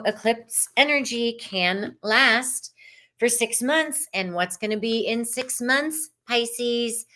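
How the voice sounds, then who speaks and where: A woman hosting a live tarot reading stream, chatty and expressive, greeting viewers in the chat and laughing often. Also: mid-range voice.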